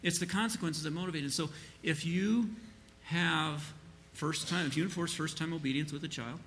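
A man speaking informally at church about discipline, wandering through fillers and restarts. His voice is bright and slightly high. A faint rumble sits behind him. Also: normal speed. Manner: rambling, many fillers, acts out quoted parents and children. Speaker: church speaker answering a question. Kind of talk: informal sermon-style teaching.

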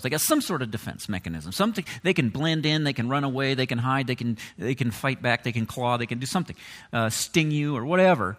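Male pastor, sermon delivery, conversational with emphatic peaks, medium pitch, church-hall reverb. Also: normal speed. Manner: conversational preaching, animated swings with emphatic rises.

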